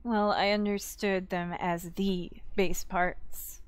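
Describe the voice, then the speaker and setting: A woman voicing a sullen young female crocodile from a game, speaking flat and quiet. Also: medium pitch, slow, pitched below the performer's own voice, close to an everyday voice. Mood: deadpan.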